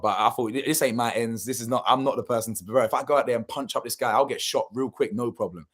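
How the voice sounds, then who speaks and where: Young man, husky, rapid, animated storytelling, slangy. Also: mid-range voice. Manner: animated, slangy, swearing, acts out quotes. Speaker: channel host. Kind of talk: casual storytelling to camera.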